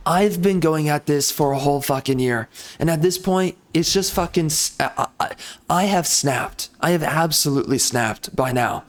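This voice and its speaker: A man's voice: a little high, normal speed. A young man with a profane, heated, repetitive way of talking, delivering an angry rant to the camera. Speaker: gaming YouTuber.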